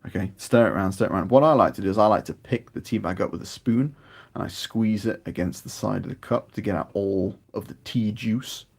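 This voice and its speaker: Gravelly British man chatting. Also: fairly low pitch, fairly quick. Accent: British English. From United Kingdom. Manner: rambling, chatty, grows animated. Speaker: miniature painting streamer. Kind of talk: casual chat while painting.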